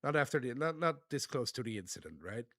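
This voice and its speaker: A man live-streaming, reading chat aloud and thanking viewers in a relaxed, laughing manner. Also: mid-range voice, fast talker, no room sound, studio quality. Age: adult.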